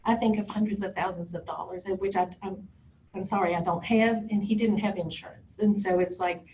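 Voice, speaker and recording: A woman's voice: mid-range voice, fairly even intonation, fairly quick. Emotional woman telling a personal story. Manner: emotional, candid storytelling with dramatic asides. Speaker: parent sharing a recovery story. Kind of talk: personal testimony talk. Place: event talk room. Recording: distant mic with faint background noise.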